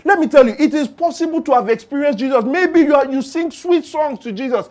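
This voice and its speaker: A man's voice: extremely high pitch, a little fast, a little mellow. A Nigerian man preaching a sermon in church, emphatic, asking the congregation call-and-response questions. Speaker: pastor.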